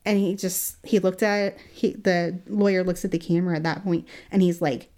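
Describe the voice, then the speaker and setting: A woman telling a true-crime story in casual chat, animated, laughing often and acting out quotes. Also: fairly low pitch, moderate pace, hardly any pauses. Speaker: guest storyteller.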